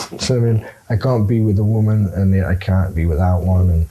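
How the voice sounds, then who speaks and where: A man's voice: sits low, fairly quick, mellow, low-quality recording. A man telling a casual anecdote, rambling and hesitant with lots of fillers and swearing.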